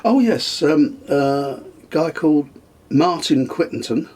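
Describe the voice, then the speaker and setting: Older man, husky and halting. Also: a little high, lively intonation, darkish tone. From England. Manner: hesitant, many ums and restarts, chuckles often. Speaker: interviewee, the host's father. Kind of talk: casual reminiscing interview.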